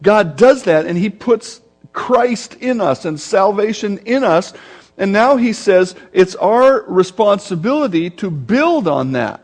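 A man preaching a sermon as pastor, explaining scripture with swings in pace and volume, sometimes dropping into low drawn-out grumbles to illustrate a word. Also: lively intonation. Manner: expository preaching with sudden shifts in volume and pace.

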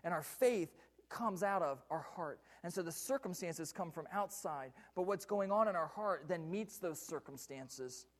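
A man's voice: a little high, expressive, measured pace. A man preaching a sermon from a church pulpit, repeating key lines and putting questions to the congregation. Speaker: pastor.

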